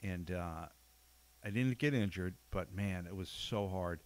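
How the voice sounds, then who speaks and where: A man with a lowish voice hosts a loose podcast conversation. He tells stories bluntly, with plenty of casual swearing. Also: measured pace. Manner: blunt, animated storyteller who swears freely. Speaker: podcast host, jiu-jitsu black belt.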